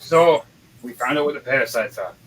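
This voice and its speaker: A man voicing a gruff older male dwarf lord who smokes a pipe, talking bluntly and slowly. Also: medium pitch, over music, natural voice, rough recording. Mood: grave.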